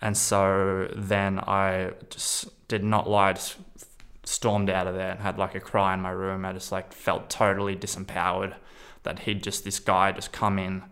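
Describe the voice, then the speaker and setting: A man's voice: low voice, monotone, a little slow, fairly bright tone, clear, resonant tone. Candid young man telling his own story. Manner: rambling, candid, with frequent fillers and swearing. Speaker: storyteller recounting a personal experience. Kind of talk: casual personal storytelling.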